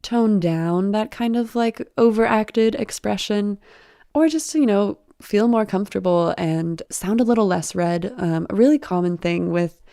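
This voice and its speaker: A woman's voice: medium pitch, measured pace, vocal fry, dry recording, clean studio sound. A woman, a former audio producer, speaking as an interview guest in a thoughtful, explanatory way. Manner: thoughtful, explanatory, warmly instructive.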